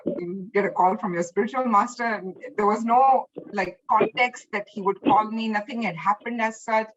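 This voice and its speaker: A woman guest chatting about memories of her teacher, animated and full of restarts. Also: medium pitch, moderate pace, lo-fi sound, background noise. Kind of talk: casual spoken reminiscence.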